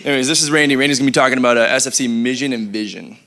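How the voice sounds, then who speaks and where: A man's voice: mid-range voice, rapid-fire, a bit bright. Playful man introducing speakers. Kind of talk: casual emcee introductions.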